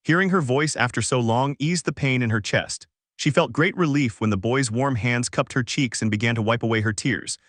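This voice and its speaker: A man narrating a fanfic story in a steady, even reading voice. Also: medium pitch, moderate pace, no echo, studio quality.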